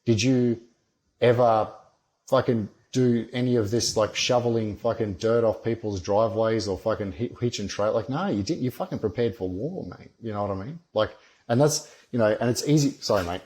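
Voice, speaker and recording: A man's voice: fairly low pitch, moderate pace, a little mellow. A man, a former soldier, talking bluntly and rambling in a casual podcast chat, swearing constantly.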